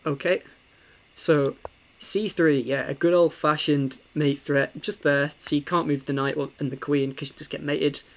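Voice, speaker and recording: A young man, casually talking through a chess game for stream viewers, animated and full of ums and restarts. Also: on the high side. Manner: animated, with frequent fillers and restarts.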